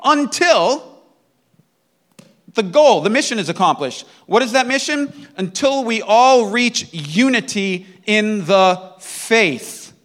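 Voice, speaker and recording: A man preaching a sermon in an earnest teaching manner, often checking in with the listeners and clearing his throat. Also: high voice, expressive, measured pace, few pauses, a bit bright. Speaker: pastor.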